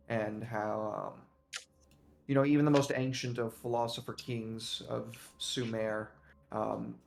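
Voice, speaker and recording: Gravelly-voiced man running a horror game. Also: medium pitch. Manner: halting, many fillers and restarts. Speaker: game master. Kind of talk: narrating a tabletop horror game. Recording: roomy echo.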